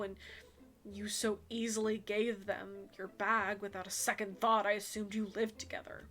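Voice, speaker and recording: A woman's voice: medium pitch, a bit bright, lightly acted. A woman voicing a brooding, stern male werewolf in a dating game, with a clipped, dry delivery.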